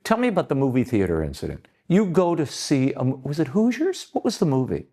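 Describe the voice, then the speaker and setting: A man's voice: mid-range voice, wildly swooping pitch, fairly quick, mellow. A man hosting an interview, asking curious, prompting questions and reacting with short remarks. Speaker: interview host. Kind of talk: conversational interview.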